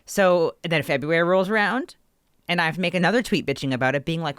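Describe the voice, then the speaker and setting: A woman co-hosting a podcast, telling a story in an animated, ranting way with swearing, close to her microphone. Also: lowish voice, fairly quick, smooth, no echo. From Canada. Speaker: podcast co-host. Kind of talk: casual podcast chat. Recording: dry close-mic sound.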